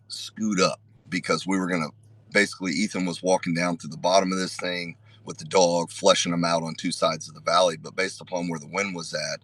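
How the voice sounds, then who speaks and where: A middle-aged man telling a story in a blunt, unhurried way with frequent profanity, on a podcast. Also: low voice, a bit bright. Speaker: podcast host. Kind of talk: casual storytelling.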